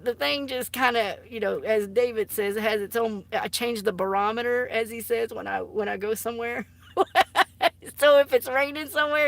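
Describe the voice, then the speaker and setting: A woman chatting casually on a live stream, giggly and teasing, often dropping into embarrassed whispers. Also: on the high side. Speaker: artist live-streaming to viewers. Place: home art studio.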